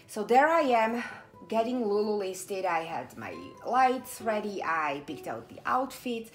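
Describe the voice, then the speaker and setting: A woman's voice: medium pitch, lively intonation, measured pace, faint music behind. A middle-aged woman chatting casually to camera about her hobby, emotional and full of restarts and fillers. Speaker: doll collector vlogger.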